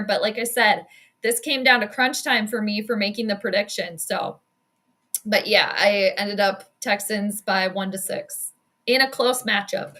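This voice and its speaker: A woman chatting casually on a live stream, giving an astrology prediction and reacting to a football game as it plays, with quick asides and self-deprecating jokes. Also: medium pitch, bright, forceful tone. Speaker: sports astrology streamer and commentator.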